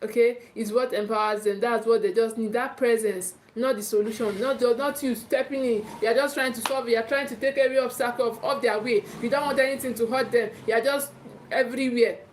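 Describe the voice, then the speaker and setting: Brief: Nigerian-accented woman, parenting coach, fairly high voice, live teaching talk, emphatic and repetitive. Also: fairly even intonation, a little fast, slight background noise. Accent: Nigerian English. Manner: emphatic, repeats and restarts phrases, often checks in with "okay".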